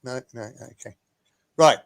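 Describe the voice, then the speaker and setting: A man co-hosting a live trivia stream and keeping score, speaking hesitantly and stammering through his restarts. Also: measured pace. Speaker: co-host and scorekeeper. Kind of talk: casual live-stream chat.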